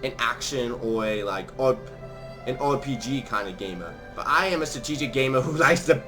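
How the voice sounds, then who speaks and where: A man hosting a strategy game let's play, talking quickly and chattily to his viewers and playing with theatrical voices. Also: mid-range voice, animated, over music. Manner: theatrical, changes voices for fun. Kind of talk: casual gaming commentary.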